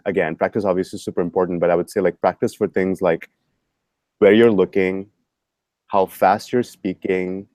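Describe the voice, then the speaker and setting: A man giving students casual advice on presenting, measured and full of ums and you-knows. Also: low voice, darkish tone, no echo, studio quality. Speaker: guest speaker advising students.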